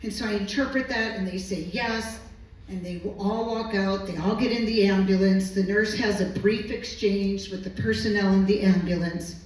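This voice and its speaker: A woman who works as a medical interpreter tells a personal story on stage, slow, earnest and emotional. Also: medium pitch, fairly even intonation, a little mellow. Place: stage at a live storytelling evening. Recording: echoey hall, distant mic.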